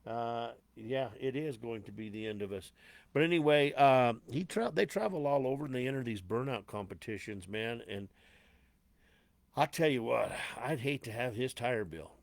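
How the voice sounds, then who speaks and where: A man hosting a live show in a loose, chatty way, greeting viewers as if they filled a stage hall. He rambles with fillers and light cursing at a middle pitch, and the sound is dry and close with no room echo. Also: animated, normal speed, gravelly. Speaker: host.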